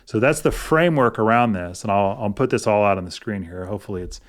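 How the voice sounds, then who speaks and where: Calm middle-aged man coaching on finances. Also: fairly low pitch, fast talker. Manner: thoughtful, hesitant restarts, gentle coaching tone. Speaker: personal finance video host. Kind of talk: casual explanatory talk to camera.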